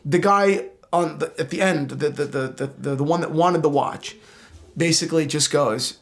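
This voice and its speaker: A young man hosts a casual podcast chat, telling a long anecdote. His voice sits a little high, and he jumps between narration and acted-out quotes, tripping over words and restarting. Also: moderate pace. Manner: animated storyteller acting out quoted characters, frequent restarts. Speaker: podcast host.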